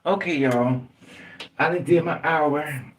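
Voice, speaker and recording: A man's voice: on the high side, slow, a little hiss or hum. A man hosting a live stream, telling personal stories in a rambling, chuckling way and often restarting his phrases. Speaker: livestream host. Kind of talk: casual storytelling to a live audience. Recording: distant mic.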